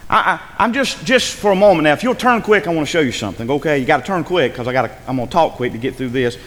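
A man's voice: a little high, animated, fast talker, a bit bright. A man preaching a sermon in an emphatic style, repeating his words and acting out scripture. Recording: long hall reverb.

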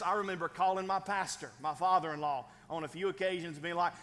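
A man's voice: high voice, fairly even intonation, quick pace, few pauses, a bit bright. A man preaching a sermon as pastor, conversational and folksy, with frequent "right?" asides and chuckles. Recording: long hall reverb.

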